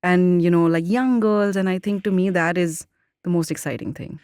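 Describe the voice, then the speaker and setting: A woman's voice: lowish voice, moderate pace, no room sound. Earnest woman guest in a dry studio. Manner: warm, earnest, with fillers like "you know". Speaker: chef, podcast guest. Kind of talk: casual interview chat.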